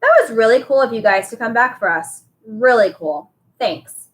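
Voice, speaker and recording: A woman's voice: a little high, animated, moderate pace, lightly acted. A woman reading aloud, voicing a casual, easygoing schoolboy.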